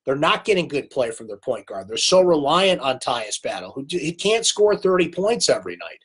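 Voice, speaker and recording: A man's voice: mid-range voice, very animated, normal speed, a bit bright, slightly rough. A man with a cold hosting a live sports recap, talking conversationally and answering viewer comments by name. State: has a cold. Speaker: sports talk host.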